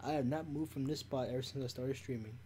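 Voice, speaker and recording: A man's voice: mid-range voice, steady tone, fast, warm tone. A young man chats casually as a streamer, drawling and clowning around. His voice sits mid-range. A faint hiss of noise runs under his talk. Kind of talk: casual chat.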